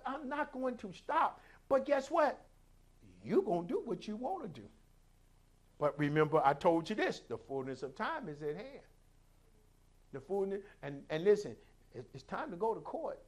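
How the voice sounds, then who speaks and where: High-voiced preaching man. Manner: preaching with call-outs, acting out quoted voices. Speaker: pastor. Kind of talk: sermon.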